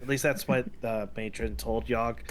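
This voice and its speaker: A man voicing a huge, simple-minded young male hatchling who talks about himself in the third person, slow and halting. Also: mid-range voice, steady tone, over a noisy crowd, close to an everyday voice. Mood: earnest. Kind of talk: tabletop role-play.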